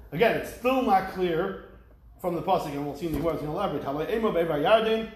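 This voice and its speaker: Rabbi lecturing in an echoey room. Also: male voice, sits high, a little hiss or hum. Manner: explains texts, reading Hebrew verses with a rising lilt; jokey asides with the class. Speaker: rabbi teaching Talmud. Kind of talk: Talmud class lecture.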